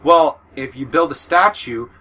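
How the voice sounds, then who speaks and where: A man's voice: fairly high pitch, a little slow. A man co-hosting a casual podcast chat, rambling and joking with lots of restarts. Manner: animated, rambling with restarts and jokes. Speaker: podcast co-host.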